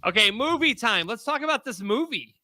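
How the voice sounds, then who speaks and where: A man's voice: extremely high pitch, expressive, brisk, bright, forceful tone, dry recording. A man co-hosting a talk show, taking callers and moving the conversation along in an upbeat way. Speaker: co-host taking calls. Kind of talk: radio-style show hosting.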